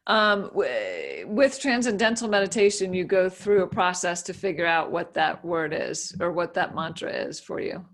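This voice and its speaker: A woman's voice: on the low side, animated, moderate pace, hardly any pauses. A woman giving a casual, easygoing explanation as a guest speaker, with many fillers and restarts.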